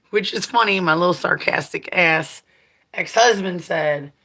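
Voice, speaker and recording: A woman's voice: on the low side, measured pace, bright, forceful tone. A woman in her forties talking casually to her viewers in a blunt, profane, rambling way, laughing often. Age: 40s. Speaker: vlogger.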